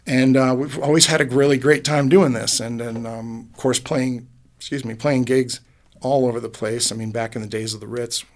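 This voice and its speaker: Middle-aged male musician guest, gravelly voice, heartfelt and rambling, podcast booth. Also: medium pitch, steady tone, normal speed. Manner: rambling and heartfelt, many restarts. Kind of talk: casual interview conversation.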